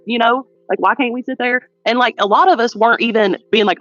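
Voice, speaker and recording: A man's voice: very high voice, fast talker, a bit bright, no room sound. A man calling into a live stream, offering casual, opinionated takes. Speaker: caller. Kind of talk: call-in chat. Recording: dull, dry lo-fi audio.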